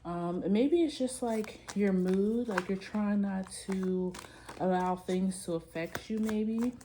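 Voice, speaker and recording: A woman's voice: medium pitch, takes it slowly, warm tone, a little hiss or hum. A woman giving a casual tarot reading, chatty and musing as she talks straight to her viewers. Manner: chatty, loose and musing, addresses viewers directly. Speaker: tarot reader.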